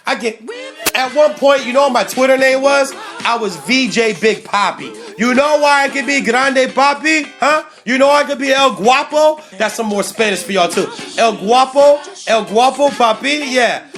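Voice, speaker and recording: A man in his forties hosting a sports talk show from a studio, hyped and animated, hoarse from laryngitis. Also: very high voice, normal speed. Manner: hyped, animated, laughing, sings along. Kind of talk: casual livestream chat. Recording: music playing loudly behind. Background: music playing.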